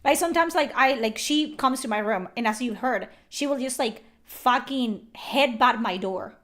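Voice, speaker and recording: A young woman chatting casually on a livestream, animated and swearing often, with lots of "like" fillers. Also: on the high side, moderate pace. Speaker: streamer.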